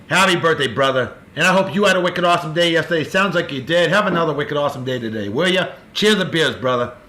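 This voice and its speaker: Speaking from an echoey, bare room, a man from Martha's Vineyard, Massachusetts gushes cheerful birthday wishes to friends on his daily beer video. His voice is a little high, crisp, and forceful.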